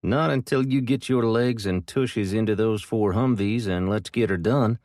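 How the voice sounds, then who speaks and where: A man voicing a gruff army team leader barking brisk orders. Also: on the low side, a little mellow, dry recording, clean studio sound, voice pushed up, natural voice. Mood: commanding.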